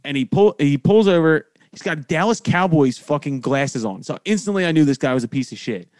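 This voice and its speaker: A young man, hosting a podcast and telling profane, animated stories in casual chat. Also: on the high side, brisk, no room sound. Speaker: podcast host.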